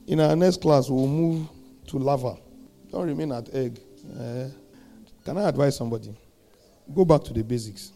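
A man preaching a sermon, animated, throwing rhetorical questions at the congregation and swinging between loud and soft. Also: on the high side, creaky.

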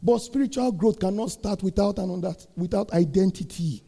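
Pastor preaching, gravelly voice. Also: male voice, high voice, fairly quick. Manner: preaching with call-and-response questions, building to shouted peaks. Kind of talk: sermon.

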